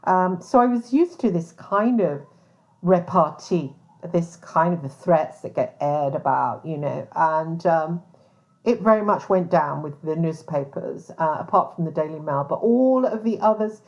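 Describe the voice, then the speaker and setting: A woman's voice: sits low, animated, measured pace. Blunt, swearing woman, lo-fi. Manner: blunt and swearing, full of "um" and restarts. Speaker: podcast host, private investigator. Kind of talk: casual monologue. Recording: dull lo-fi sound.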